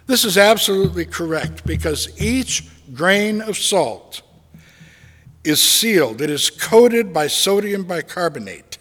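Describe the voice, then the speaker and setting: A man preaching a sermon as a pastor, slow and deliberate with dramatic pauses. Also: sits high, lively intonation, fairly bright tone, big-room sound.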